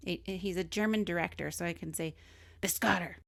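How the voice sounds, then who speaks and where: A woman's voice: on the low side, fast, gravelly, dry recording. A woman co-hosting a film podcast, reading through a celebrity's life story in casual chat and laughing often. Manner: reads notes on a celebrity's life, chatty and laughing. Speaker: podcast co-host.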